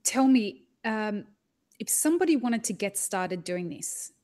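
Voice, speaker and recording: An Australian woman hosts a relaxed podcast interview. She is chatty and quick to joke, and her voice sits at an ordinary middle pitch for a woman. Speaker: podcast host. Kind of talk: casual interview chat.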